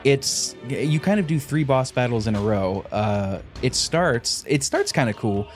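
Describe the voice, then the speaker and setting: A man's voice: mid-range voice, animated, a little slow, faint music behind. A man with a slight Pittsburgh accent, talking casually as a podcast co-host, chatty, laughing often and correcting himself mid-sentence. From Pittsburgh area.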